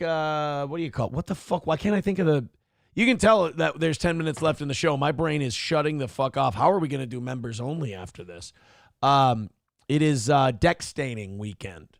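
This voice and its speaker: A male morning-show host from Minnesota, working through live chat with crude, irreverent jokes. His voice is gravelly and sits a little high. The sound is close and dry, with no room around it. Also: expressive, moderate pace, no room sound. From Minnesota, USA. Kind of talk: casual commentary reading live chat.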